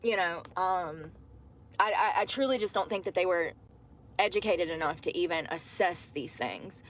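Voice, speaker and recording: A woman's voice: fairly low pitch, expressive, moderate pace, slight background noise. A woman telling a personal story casually to her livestream viewers, calling them y'all. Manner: chatty, addresses viewers as y'all.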